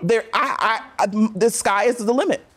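A woman hosting a talk show, chatting with guests in a bubbly, expressive way and laughing often. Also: a little high, moderate pace. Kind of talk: casual chat.

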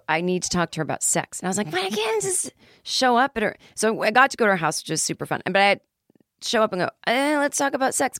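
A woman in her forties delivers a loose, self-deprecating comedy monologue as a podcast host. Her voice sits a little low and she talks in chatty, rambling bursts. The sound is close and dry, with no room around it. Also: no echo.

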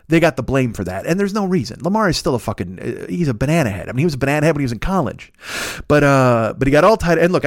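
A man's voice: medium pitch, no room sound, studio quality. A man riffing in a rambling, profane comedic monologue as a podcast host, laughing often and correcting himself.

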